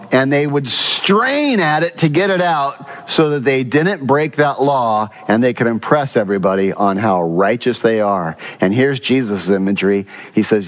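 A male pastor delivers a lively sermon in a church sanctuary, throwing questions to the congregation as he goes. His voice sits at an ordinary pitch, and the recording sounds slightly dull. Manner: animated, quizzes the congregation.

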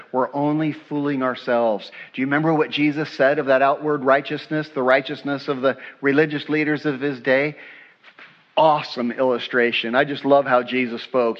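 A middle-aged male pastor preaching a sermon in a church, animated and then dropping to a hushed voice for emphasis. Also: a little high, muffled recording.

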